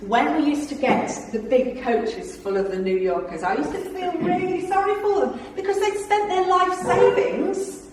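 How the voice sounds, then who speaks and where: A woman's voice: very high-pitched, moderate pace, hardly any pauses, a little mellow, distant mic, a little hiss or hum. Chatty woman in an echoey room. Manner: chatty and jokey, laughing often and bantering with the audience. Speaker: guest speaker at a club. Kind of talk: humorous anecdotal talk to a live audience. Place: club meeting room.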